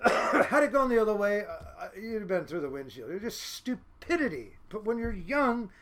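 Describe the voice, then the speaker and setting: A man from Seattle, a fishing boat captain, telling casual podcast stories in a lively way, full of fillers and laughs. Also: sits high, moderate pace, noisy background. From Seattle, United States. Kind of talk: casual storytelling.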